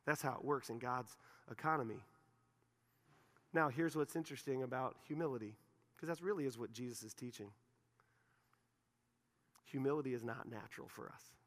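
Male pastor, animated sermon, bright forceful tone, long reverb of a big hall. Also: moderate pace, pauses often. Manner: animated, mimics the disciples in high voices.

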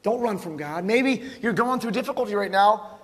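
A man preaching a sermon in a church, fervent and repetitive, building to near-shouting at its peaks. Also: high voice, expressive, normal speed. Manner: fervent, repeats words, rises to near-shouting. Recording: long reverb of a large hall.

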